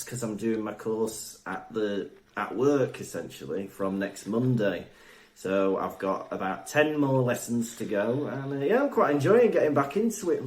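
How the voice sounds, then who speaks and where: A man's voice: medium pitch, darkish tone. Welsh man with a roomy echo. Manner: teasing, chatty. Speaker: podcast co-host. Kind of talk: casual comedic chat.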